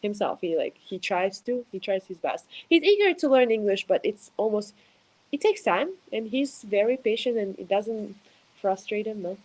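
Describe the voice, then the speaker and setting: A woman's voice: mid-range voice, animated, a little mellow, low-quality recording. Woman with a Russian first language. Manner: halting, searching for words, switching languages. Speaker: interpreter for a Russian athlete. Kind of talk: casual podcast conversation.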